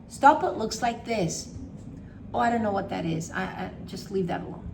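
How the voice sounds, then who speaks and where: A woman's voice: on the high side, animated, a little fast, a little hiss or hum. Emphatic woman coaching on anxiety. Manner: emphatic, repetitive, acts out her own thoughts. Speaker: wellness coach. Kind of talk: casual talk to camera.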